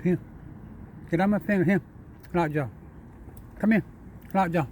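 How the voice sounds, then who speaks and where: Man, fairly high voice, repetitive and coaxing, yard talk with faint noise behind. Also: unhurried, darkish tone. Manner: chatty, repetitive, coaxing, chuckling. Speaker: vlogger feeding a squirrel. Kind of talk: casual talk to an animal. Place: front yard outdoors.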